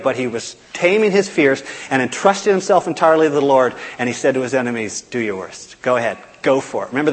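A man preaching a sermon in a conversational way, with restarts and soft, quiet quotes. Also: a little high, slightly rough. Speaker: pastor. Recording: long hall reverb.

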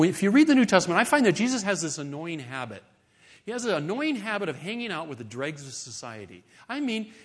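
A middle-aged man preaching a sermon in a conversational, animated way, with playful asides. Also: sits high, breathy edge. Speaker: pastor.

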